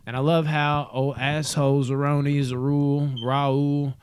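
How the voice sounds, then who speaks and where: A man co-hosting a podcast, recapping a movie in casual, excited, profane chat. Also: medium pitch, unhurried, clean tone. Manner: excited, profane, retells scenes with acted quotes. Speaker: podcast co-host. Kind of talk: casual film discussion.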